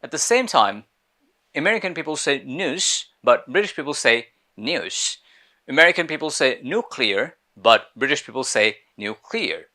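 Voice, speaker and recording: A man's voice: mid-range voice, pushed and bright. A man giving a spoken English lesson in an earnest way, often repeating his phrases. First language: Bengali. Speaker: English teacher.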